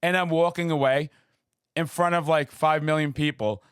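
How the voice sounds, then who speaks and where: Male podcast host, animated storyteller, slightly high voice, dry sound. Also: moderate pace, clean tone, no echo. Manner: excitable storyteller, acts out quotes in high voices. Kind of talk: casual interview chat.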